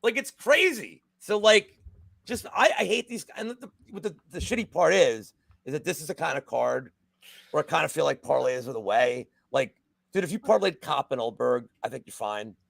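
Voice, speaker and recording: A man co-hosting a casual betting podcast, telling animated, profane stories. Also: a little high, moderate pace, creaky, dry recording, studio quality. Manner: animated, profane storytelling with acted-out quotes. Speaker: podcast co-host.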